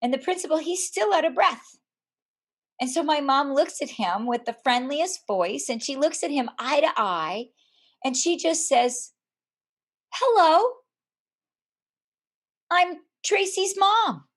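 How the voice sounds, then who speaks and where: A woman from Canada, telling a personal story to an audience in a slow, deliberate way with dramatic pauses. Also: high-pitched, expressive. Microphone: camera.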